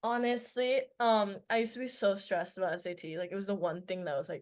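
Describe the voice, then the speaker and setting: A teenage girl, a former student and podcast guest, chatting in an animated storytelling way full of fillers. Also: medium pitch, fairly quick. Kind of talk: casual interview chat.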